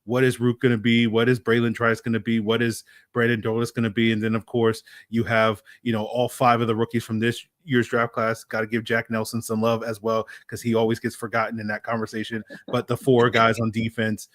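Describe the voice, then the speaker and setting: A man co-hosting a sports talk podcast, who talks in a measured, thoughtful way with some fillers. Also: mid-range voice, completely flat delivery, dry recording, studio quality. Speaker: podcast co-host.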